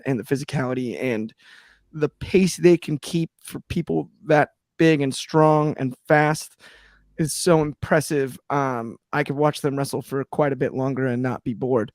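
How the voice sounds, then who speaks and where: A man's voice: mid-range voice, dry recording, clean studio sound. A man co-hosting a wrestling chat show, talking with enthusiasm and rambling in a loose, casual way. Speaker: podcast co-host.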